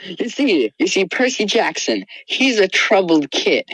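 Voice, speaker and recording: A woman's voice: medium pitch, sing-song, a little slow, a bit bright, breathy edge, no echo, rough recording. A teenage girl co-hosting a casual podcast, retelling a story with playful sarcasm. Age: teens. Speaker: podcast co-host. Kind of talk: casual chat.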